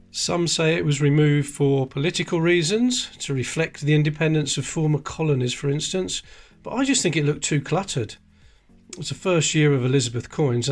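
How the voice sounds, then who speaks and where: Chatty man sorting coins. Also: mid-range voice. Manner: chatty, explains details while handling coins. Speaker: coin collecting channel host. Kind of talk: casual coin-sorting commentary.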